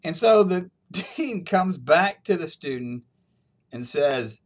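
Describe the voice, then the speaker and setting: A male professor talks his class through a story in a relaxed, chatty online lecture, chuckling often along the way. His voice sits a bit higher than most men's. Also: slow pace. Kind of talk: casual recorded online lecture.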